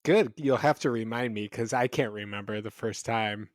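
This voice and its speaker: A man co-hosting a casual podcast who talks in a gentle, encouraging way. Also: fairly low pitch, normal speed, dry recording, clean studio sound. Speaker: podcast co-host.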